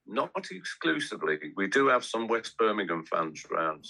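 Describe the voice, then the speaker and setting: A man's voice: lowish voice, sing-song, normal speed, creaky, sharp tone, poor audio. A man, chatting in a rambling, anecdotal way as a guest. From English West Midlands. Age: 60s. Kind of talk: casual chat.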